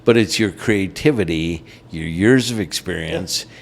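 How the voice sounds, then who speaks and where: A man's voice: deep voice, measured pace, gravelly. A man hosting an interview show, chatting casually and encouraging his guest. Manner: encouraging, short affirmations. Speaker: show host.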